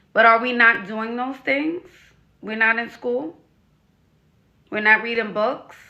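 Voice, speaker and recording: A woman's voice: fairly high pitch, sharp tone, lo-fi sound. A woman coach giving frank advice to young women on camera, stressing points by repeating them and asking pointed rhetorical questions. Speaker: dating and life coach. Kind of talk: direct-to-camera advice vlog.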